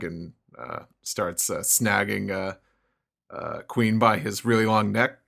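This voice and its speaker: A man co-hosting a podcast, recapping a comic in a casual, halting way, often chuckling. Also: on the low side, vocal fry, a bit bright. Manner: chuckling, halting, lots of fillers. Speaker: podcast co-host.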